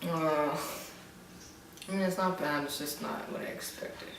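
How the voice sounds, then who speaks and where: A woman's voice: deep voice, steady tone, measured pace, far from the mic, noisy background. Chatty young woman in an echoey room. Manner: chatty, rambling, self-mocking. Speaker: vlogger reviewing drinks. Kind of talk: casual chat. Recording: very echoey room, away from the mic.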